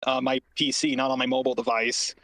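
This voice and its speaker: A man on an archived call, rambling and halting as he explains himself defensively. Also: mid-range voice, flat delivery, fairly bright tone, no echo. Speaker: online creator in an archived call. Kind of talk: casual call conversation.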